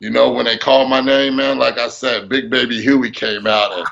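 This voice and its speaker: A man talking in a casual interview as a bodybuilder guest, animated, acting out his own thoughts. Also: mid-range voice, moderate pace, vocal fry, highs cut off.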